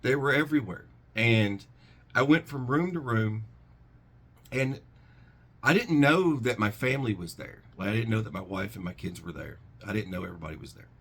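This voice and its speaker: A middle-aged man hosting a preparedness channel, recounting a dream in a rambling, halting way with many restarts. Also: on the low side, expressive, a bit bright, breathy edge. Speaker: prepper channel host. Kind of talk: casual storytelling to camera.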